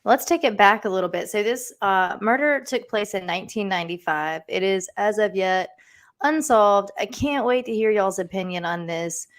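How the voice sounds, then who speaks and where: A woman co-hosting a true crime podcast, chatty and quick to laugh as she banters and reads out the cases. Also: medium pitch, expressive. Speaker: podcast co-host and case reader. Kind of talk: casual banter.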